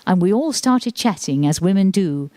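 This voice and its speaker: A woman's voice: lowish voice, animated, moderate pace, dark tone, no room sound. A woman in her forties doing a self-deprecating stand-up set into a handheld mic, slipping into little acted asides. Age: 40s. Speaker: stand-up comedian. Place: library set up as a TV studio. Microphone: handheld microphone.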